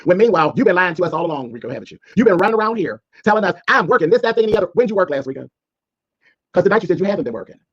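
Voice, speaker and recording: A man's voice: high voice, big pitch swings, very fast, breathy edge, lo-fi sound. A man delivering a sassy, scolding call-out rant as a streamer, mocking his target. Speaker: commentary streamer.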